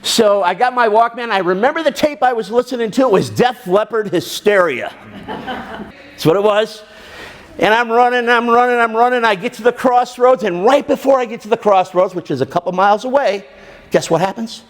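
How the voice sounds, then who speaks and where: A man's voice: extremely high pitch, moderate pace. A middle-aged man from the American Midwest telling a story to an audience, acting out his own inner voice with animation. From Southern Illinois.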